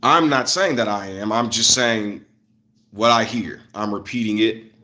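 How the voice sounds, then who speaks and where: A young man from Illinois ranting casually on a livestream, loose and animated, jumping from loud bursts to muttered asides. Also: fairly low pitch, unhurried. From Illinois, USA. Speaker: streamer.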